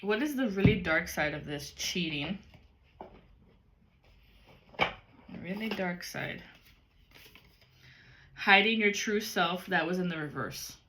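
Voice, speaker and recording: A woman's voice: lowish voice, lively intonation, slow pace, long pauses, noisy background. A woman giving a casual spiritual tarot reading, blunt and profane, talking straight to the viewer. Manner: talks directly to the viewer. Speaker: tarot card reader.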